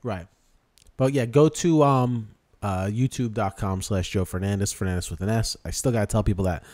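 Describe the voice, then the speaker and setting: A man's voice: fairly low pitch, normal speed, dry recording. A man hosting a podcast in casual chat, telling rambling stories and acting out quoted lines. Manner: rambling, animated storytelling with quoted asides. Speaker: podcast host.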